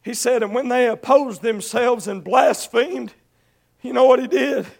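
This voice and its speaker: A man with a very high voice preaches a sermon. He rises into loud shouted exhortation, then drops to soft, pleading appeals. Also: unhurried, creaky. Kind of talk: evangelistic sermon.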